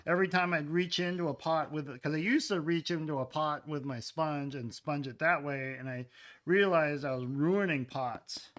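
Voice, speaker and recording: A man's voice: fairly high pitch, normal speed, a bit bright. A man showing how he makes clay cups in his pottery studio, talking casually as he works and often trailing off into murmurs. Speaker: ceramics artist demonstrating. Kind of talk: live-stream pottery demonstration.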